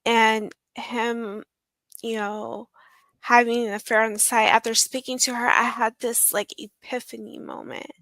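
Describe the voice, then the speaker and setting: A woman telling her personal story in an interview, hesitant, with many ums and pauses. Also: on the high side, flat delivery, sharp tone, no echo. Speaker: guest sharing her survival story.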